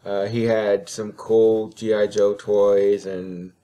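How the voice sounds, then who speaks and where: A man with a lowish voice talks through a shopping trip on a casual podcast. He keeps it laid-back and matter-of-fact. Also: flat delivery, slow, dark tone. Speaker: podcast co-host. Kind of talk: casual chat.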